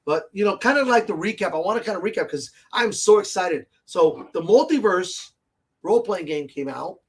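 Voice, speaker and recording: High-voiced, excitable male gaming host. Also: normal speed, breathy edge. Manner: rambling and excitable, laughs often. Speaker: host of a tabletop gaming show. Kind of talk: casual live stream chat. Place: comic and game shop.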